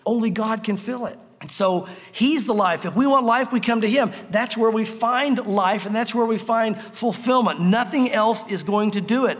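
A man's voice: high-pitched, moderate pace, hardly any pauses, long reverb tail. A man preaching a sermon in a conversational, emphatic style, repeating key phrases for effect. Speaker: pastor.

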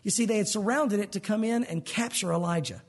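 A man preaching a sermon, his voice high and a little husky. He talks in an animated way and slips into the voices of the people in the stories he tells. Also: fairly quick. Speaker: pastor.

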